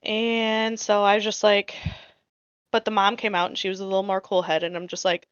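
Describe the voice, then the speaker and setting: A woman's voice: mid-range voice, little pitch movement, moderate pace, clear, resonant tone, no room sound, dull audio. A woman co-hosting a podcast, telling a story in casual chat in a blunt, profane way that gets heated. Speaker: podcast co-host.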